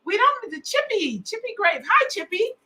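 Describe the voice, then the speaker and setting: A woman co-hosting a casual talk show, chatty and excitable, sometimes trailing off mid-thought. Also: very high voice, normal speed, rough recording. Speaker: co-host. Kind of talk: casual chat.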